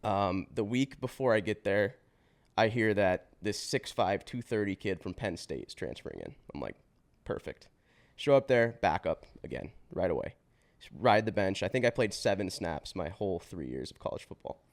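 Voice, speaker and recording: A man in his twenties, a podcast guest, telling his life story in a casual, slangy way with swearing and quick restarts. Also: lowish voice, lively intonation. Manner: slangy and swearing, says bro and dude; fast run-on telling with restarts.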